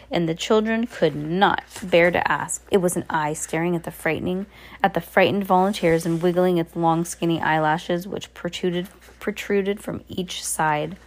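A woman reading a children's novel aloud, with frequent slips and restarts. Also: on the low side. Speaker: narrator. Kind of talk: amateur audiobook reading.

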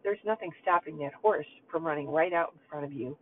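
A woman's voice: low-pitched, fairly quick. An older woman talks earnestly to mothers and turns a family story into a lesson. Her voice comes through thin and boxy, like a phone line. A faint noise sits underneath. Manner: earnest, storytelling, addresses listeners directly. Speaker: host speaking to mothers. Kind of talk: heartfelt talk with a personal story.

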